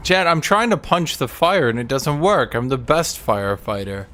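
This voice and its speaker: A man's voice: medium pitch, lively intonation, moderate pace, a bit bright, slight background noise. A man in his thirties giving casual game commentary to his chat. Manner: chatty, coos baby talk at a cat. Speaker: streamer.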